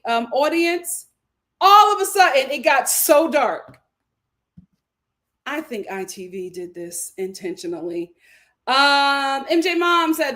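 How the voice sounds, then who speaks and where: A woman hosting a livestream, reading viewer comments aloud and reacting to them emphatically, often repeating her own lines for effect. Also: fairly high pitch. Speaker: show host.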